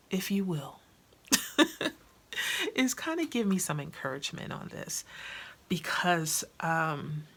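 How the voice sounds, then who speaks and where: Woman vlogging, low gravelly voice, chatty and animated, talks loose and colloquial. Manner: chatty, animated, acts out quotes; colloquial, with slangy grammar. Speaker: vlogger and author. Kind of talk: casual chat to camera.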